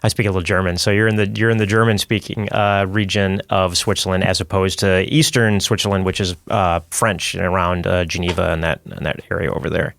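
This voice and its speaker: Deep-voiced man hosting a chatty podcast. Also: little pitch movement, brisk, gravelly, few pauses, fairly bright tone. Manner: chatty, jokey, rambling with restarts. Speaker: podcast host. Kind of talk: casual interview chat.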